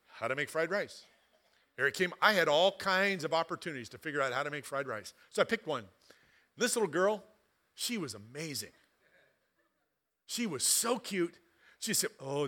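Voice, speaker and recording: A man preaching a sermon as pastor, moving from loud, emphatic passages to quiet, conversational asides. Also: high-pitched.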